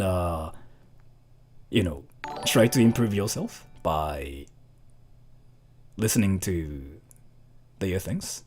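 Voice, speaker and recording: A man streaming live and chatting casually with viewers, who talks quickly, fills his speech with "like" and "uh", and laughs often. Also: medium pitch, dark tone. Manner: fast-talking, heavy on fillers like "like" and "uh"; laughs often while talking. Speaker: streamer answering donations. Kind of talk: casual livestream chat.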